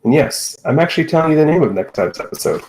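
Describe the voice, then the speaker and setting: A man narrating as game master of a tabletop game, relaxed and with many fillers. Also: fairly high pitch, quick pace, low-quality recording.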